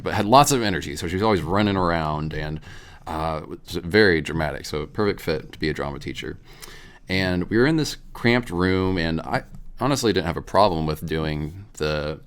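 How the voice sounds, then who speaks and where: A man's voice: low-pitched, fairly bright tone. A young man co-hosting a casual talk show, rambling and laughing as he tells a story. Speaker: podcast co-host.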